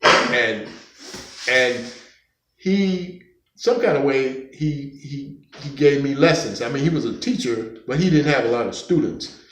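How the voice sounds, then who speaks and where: A man's voice: medium pitch, lively intonation, a bit bright. Rambling man with echoey sound. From United States. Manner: rambling, halting, with many fillers and restarts. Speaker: conga player telling stories. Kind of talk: casual storytelling. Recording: echoey room, faint background noise.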